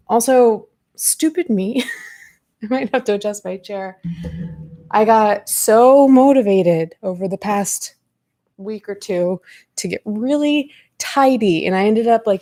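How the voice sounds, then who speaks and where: A woman in her thirties chats casually as the host of a live podcast, rambling through fillers with self-deprecating humor. Her voice sits at an ordinary middle pitch. The sound is close and dry, with no room around it. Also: a little mellow, no echo. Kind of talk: casual live-stream chat. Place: home room at a computer.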